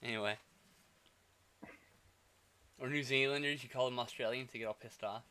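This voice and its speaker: A man's voice: medium pitch, fairly even intonation, moderate pace, sharp tone, smooth. A man co-hosting a casual movie review podcast, joking and laughing often, with his voice trailing off at the ends of lines. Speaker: podcast co-host.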